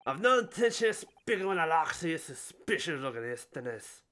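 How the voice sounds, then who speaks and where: A streamer voicing a gruff, suspicious male prison governor with a put-on Scottish accent, loud and rolling the R's. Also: mid-range voice, sing-song, brisk. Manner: loud, blustering, rolled R's.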